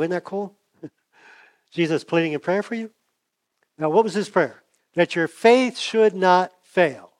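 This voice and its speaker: A man preaching a sermon, conversational, acting out the dialogue with big swings from loud to hushed, and losing his voice. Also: sits high, normal speed, pauses often. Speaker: pastor.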